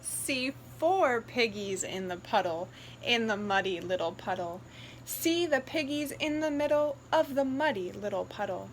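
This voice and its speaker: A woman reading a picture book aloud in a sing-song, expressive storytelling voice. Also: a little high, a little slow, a little hiss or hum, poor audio.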